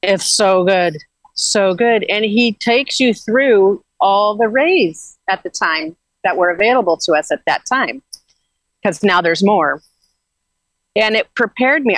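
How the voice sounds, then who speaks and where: A woman's voice: medium pitch, fairly bright tone, dry recording, low-quality recording. A woman guest earnestly recounting a spiritual journey in casual, rambling talk with frequent restarts.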